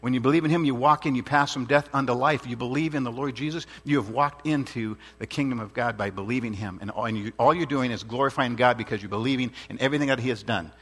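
A man's voice: mid-range voice, quick pace, hardly any pauses, a bit bright, slightly rough. A man preaching a sermon in an earnest, emphatic way, repeating his points and asking rhetorical questions.

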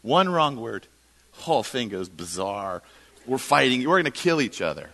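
A man preaching as a guest speaker in a church, telling a self-mocking story in an animated way. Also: medium pitch, normal speed, gravelly. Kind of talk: sermon with storytelling.

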